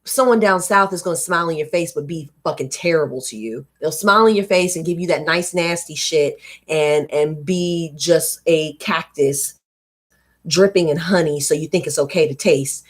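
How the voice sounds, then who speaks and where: Here a North Carolina woman with a faint Southern accent reads aloud to her livestream audience in a deep voice at a moderate pace. Chatty and blunt, she breaks away for tangents where the swearing flows freely.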